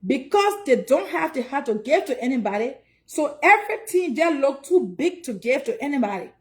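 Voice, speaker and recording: Liberian lady on a livestream, high voice, chatting and preaching bout donations. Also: big pitch swings, normal speed, a little mellow. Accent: Liberian English. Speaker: livestream host. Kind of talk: casual livestream chat.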